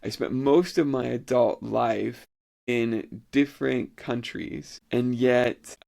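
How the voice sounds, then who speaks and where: American guy doing a solo podcast, bit of gravel in his voice, keeps repeating and restarting words. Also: medium pitch, slow, darkish tone. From United States. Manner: loose and repetitive, restarting phrases. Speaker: podcast host. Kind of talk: solo educational podcast talk.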